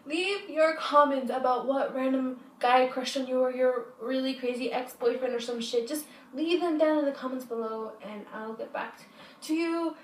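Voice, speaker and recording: A woman's voice: high voice, steady tone, moderate pace, slight background noise. A woman vlogger telling a story in a casual, rambling way, repeating herself and swearing freely, at home in her apartment. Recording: echoey room, mic set far off.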